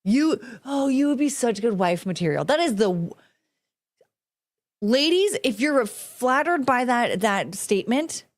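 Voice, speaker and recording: A woman's voice: a little high, expressive, a little slow. A young woman hosting her own solo podcast, ranting bluntly and sarcastically, swearing freely and laughing as she goes. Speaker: podcast host. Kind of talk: solo casual chat, ranting to a camera.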